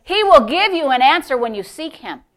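A middle-aged woman pastor preaching a sermon, swinging between loud, emphatic exclamations and hushed, near-whispered storytelling. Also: high voice, big pitch swings, normal speed.

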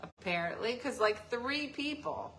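A woman's voice: on the high side, animated, unhurried, fairly bright tone. A woman hosting a casual live stream, joking and teasing as she answers viewer comments. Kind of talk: casual chat.

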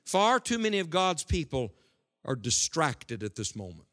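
A man preaching a sermon to a congregation, swinging between loud, forceful lines and hushed ones. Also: fairly high pitch, very animated, normal speed. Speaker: evangelist. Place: church hall before a congregation.

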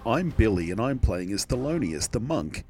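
Wisecracking low-voiced man, music behind. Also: very animated, moderate pace, darkish tone. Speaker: player. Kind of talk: introducing his character.

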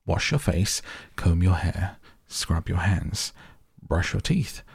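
Male reader doing a storybook granddad, eager and bossy, husky and dry. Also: deep voice, animated, slow pace, no room sound, heavily acted. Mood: urgent. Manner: eager bursts, bossy lists. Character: excitable old grandfather, spry and eager.

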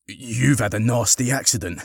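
A man voicing a gruff old ex-sailor. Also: medium pitch, moderate pace, no echo, studio quality. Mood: gentle. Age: older. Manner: firm, gently reassuring. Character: gruff retired sailor, kind but weary.

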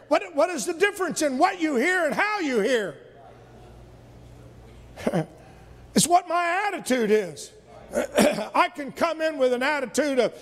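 A man's voice: very high-pitched, animated, measured pace, long reverb tail. A male minister preaching a sermon, emphatic, repeating words and asking the congregation rhetorical questions.

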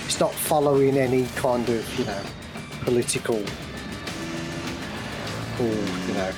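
A man's voice: medium pitch, unhurried. Eager male co-host with music behind. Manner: eager, asks questions, enthusiastic. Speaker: podcast co-host. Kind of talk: casual gaming chat.

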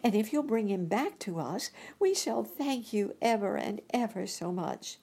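A woman voicing an eager, polite young girl in a storybook reading, with a husky voice. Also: medium pitch, very animated, a little slow, dark tone, pitched above the performer's own voice, heavily acted. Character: earnest brave young girl.

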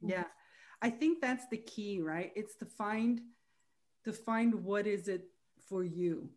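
Woman podcast host, forties, medium pitch, chatty and laughing. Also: takes it slowly, a little mellow. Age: 40s. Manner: chatty, laughs easily, trails off. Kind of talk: casual podcast chat.

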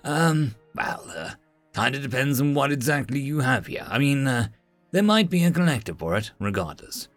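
A man's voice: medium pitch, sing-song, moderate pace, fairly bright tone, dry recording, soft background music. A man voicing a nervous little blue lizard alien scholar who gets defensive and fussy, talking in an audiobook-style story.

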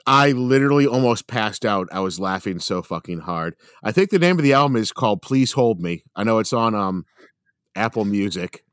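A man's voice: on the low side, expressive, moderate pace, dry recording, studio quality. A man in casual chat on a podcast, rambling through a story with lots of fillers and swearing.

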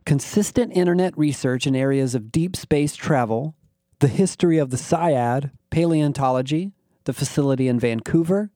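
A man voicing a menacing lizard alien whose hushed words carry a hiss and a gurgle. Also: fairly high pitch, moderate pace, dry recording, studio quality, close to an everyday voice. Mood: reading off. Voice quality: hissing, gurgling syllables. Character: menacing jewel-draped lizard alien, hissing.

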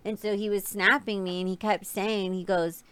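Chatty woman telling a story, clear voice, close and dry. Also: mid-range voice, steady tone, moderate pace, fairly bright tone, no room sound. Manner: chatty, filler-heavy, laughs easily. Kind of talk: casual chat, storytelling.

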